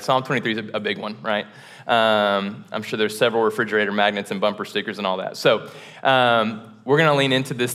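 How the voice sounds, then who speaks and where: Pastor, man, mid-pitched, loose conversational sermon, room reverb. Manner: relaxed, self-deprecating, chatty with frequent fillers and restarts. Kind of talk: casual sermon. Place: church auditorium.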